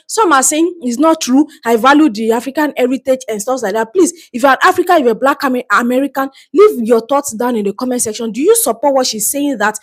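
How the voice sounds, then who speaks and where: A woman hosting a reaction video, commenting in an animated, exclaiming way and urging viewers to comment. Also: high voice, quick pace.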